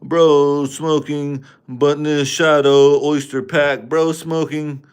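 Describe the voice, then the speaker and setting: A man's voice: a little high, little pitch movement, slow, clean tone, pitched above the performer's own voice. A man voicing a goofy, rambling man with a put-on Jamaican accent, babbling singsong nonsense words.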